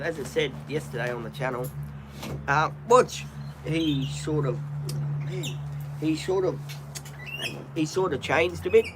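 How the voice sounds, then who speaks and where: A man's voice: fairly high pitch, noisy background. A man chatting casually on his live stream, rambling with lots of ums and restarts.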